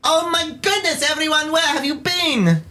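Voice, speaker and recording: A man voicing a fussy, excitable guild mistress in a shrill, gushing falsetto. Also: moderate pace, slight background noise, full character voice.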